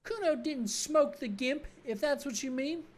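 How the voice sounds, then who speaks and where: A woman's voice: sits high, measured pace, voice pushed up. A woman voicing a crude, cocky twelve-year-old boy who talks about himself in third person. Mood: sneering swagger.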